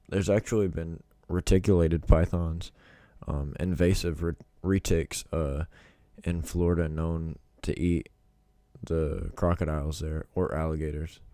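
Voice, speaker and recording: A young man with a very low, dark voice talks loosely through a reaction video. He wanders, restarts and corrects himself in an easygoing way. The sound is dry and close, with no room around it. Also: no echo. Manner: rambling, informal, self-correcting. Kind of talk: casual reaction commentary.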